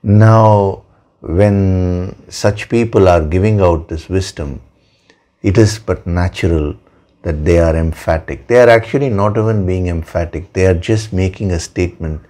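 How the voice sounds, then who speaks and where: A man delivers a spiritual discourse with a very deep, low voice. He speaks slowly and deliberately, leaning on repeated words for emphasis. His tone stays dark and mellow throughout. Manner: slow, measured, emphatic with repetitions. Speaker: spiritual teacher.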